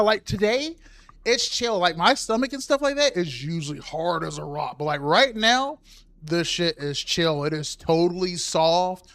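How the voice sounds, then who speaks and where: A man chatting casually and profanely on a game live stream, bursting into panicked shouts during fights. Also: sits high, animated, normal speed.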